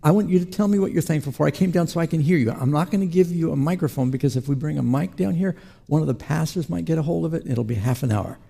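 A man delivers a sermon from the pulpit. He has a very dark, mellow tone with a husky edge and a slightly raised pitch. He tells stories and acts out the people he quotes. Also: quick pace. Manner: animated storytelling preacher who acts out quotes. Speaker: pastor.

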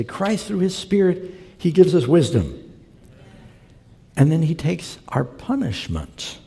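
A man's voice: high voice, sing-song, a little slow, mellow. A man preaching a sermon, telling folksy stories and acting out the people he quotes. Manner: folksy storyteller, acts out quoted characters. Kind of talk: sermon with storytelling. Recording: long reverb of a large hall.

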